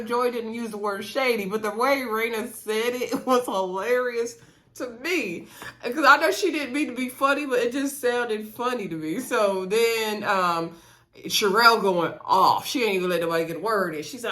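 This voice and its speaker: A woman's voice: medium pitch, a bit bright. Chatty woman recapping reality TV. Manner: chatty, addresses viewers as y'all, acts out quotes. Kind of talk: casual chat.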